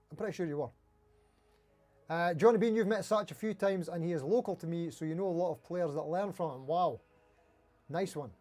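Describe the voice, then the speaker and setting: A middle-aged man with a Dundee Scottish accent, hosting a casual guitar livestream and chatting quickly with viewers. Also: high voice, darkish tone. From Scotland. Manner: fast-talking, chatty, reading out viewer comments. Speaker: livestream host.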